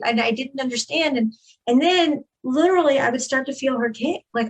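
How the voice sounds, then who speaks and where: A woman's voice: high voice, fairly quick, rough recording. A woman giving a candid, earnest personal testimony as a guest in an interview, with frequent fillers.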